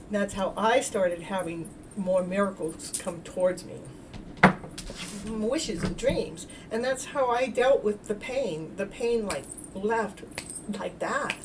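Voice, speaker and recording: A woman spiritual coach talking casually to her livestream chat, telling stories with halting restarts and bursts of lively acted-out exclamations. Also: mid-range voice, far from the mic, noisy background. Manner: animated storytelling, acts out her own past thoughts with loud exclamations; halting, repeats and restarts words. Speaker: self-love coach and spiritual healer. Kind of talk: livestream talk to chat viewers.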